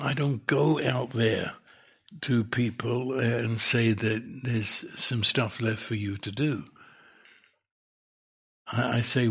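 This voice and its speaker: A man preaching a sermon in an emphatic, repetitive way, his voice climbing as he gets excited. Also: medium pitch, gravelly, husky. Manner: emphatic, repeats words, rising with excitement.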